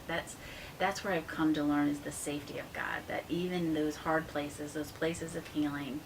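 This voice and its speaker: Low-voiced woman telling her story. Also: moderate pace, vocal fry, a little hiss or hum, rough recording. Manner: animated storytelling, softening to a hushed, earnest tone. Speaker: interview guest, ministry founder. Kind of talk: casual conversational interview.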